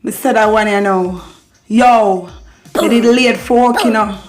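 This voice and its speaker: A woman's voice: medium pitch, steady tone, unhurried, loud music behind the voice. Playful Jamaican woman teaching patois. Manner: playful, laughs often, repeats phrases. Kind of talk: casual lesson.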